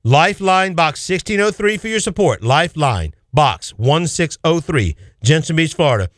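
Fervent high-voiced male preacher. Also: sing-song, moderate pace, a bit bright, no room sound, clean studio sound. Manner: fervent, exhorting, repeats key phrases. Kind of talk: radio sermon.

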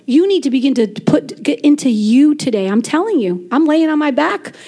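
Woman preacher, 40s, high voice, animated sermon delivery with chatty asides. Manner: animated, conversational preaching with quick asides and laughs. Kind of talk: lively sermon.

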